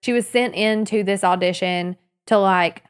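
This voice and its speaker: A woman in her thirties co-hosting a casual podcast, lively and teasing, laughing often. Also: mid-range voice, normal speed, clean tone. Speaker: podcast co-host. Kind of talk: casual chat.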